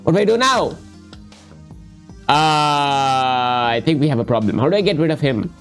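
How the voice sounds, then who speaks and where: A player voicing a weary radish father who answers his son with dry, deadpan comebacks, in a game voice-over. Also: mid-range voice, moderate pace, soft background music, natural voice.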